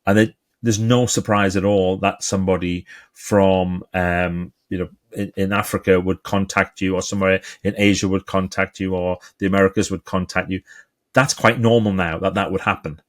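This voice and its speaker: A man with a Geordie accent speaks in a lowish voice. He is a guest author in a conversational interview, telling stories with energy and playing the people in them. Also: moderate pace. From England. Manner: animated storyteller, acts out quoted voices.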